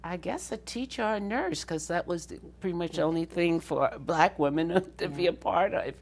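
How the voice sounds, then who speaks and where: Low gravelly older woman telling stories. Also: normal speed, a little mellow. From Southern United States. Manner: laughs often, acts out quoted voices. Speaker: interviewee. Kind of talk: storytelling interview.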